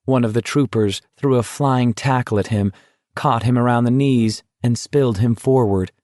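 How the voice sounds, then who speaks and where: A man reading an audiobook as its narrator in a steady, even manner. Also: medium pitch, normal speed, no room sound, studio quality. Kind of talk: scripted narration.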